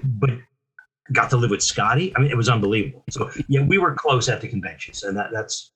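An older man from New Jersey tells stories as an interview guest, with a husky, breathy edge to his voice. His tone is bright and forceful, and he talks in animated bursts full of restarts. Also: medium pitch, a little fast. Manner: animated storyteller, frequent restarts. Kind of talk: casual storytelling interview.

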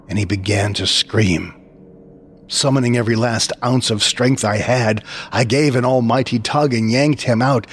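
A man's voice: lowish voice, breathy edge. A man narrating a scripted horror story in the first person, with dramatic storytelling.

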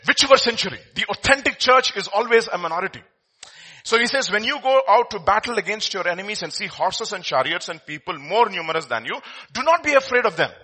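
Male pastor, high animated preaching voice, husky edge, rhetorical questions. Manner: expressive preaching with rhetorical questions, voice rising and dropping sharply; reads scripture aloud. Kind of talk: sermon.

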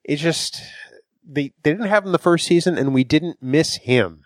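A man's voice: on the high side, normal speed, no echo. A man co-hosting a casual fan podcast, giving blunt opinions with dry humor. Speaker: podcast co-host.

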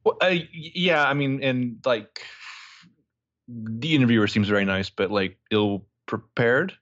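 A man's voice: mid-range voice, expressive, a little slow, fairly bright tone, no room sound, muffled recording. A man co-hosting a podcast, chatting casually and animatedly, joking and laughing as he talks. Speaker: podcast co-host. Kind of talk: casual chat.

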